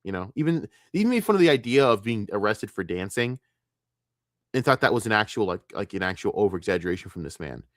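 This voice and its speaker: Male streamer, low voice, furious profane rant, dry close sound. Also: big pitch swings, fast talker, no room sound. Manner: angry, profane, emphatic. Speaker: streamer reacting to clips. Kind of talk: heated commentary rant.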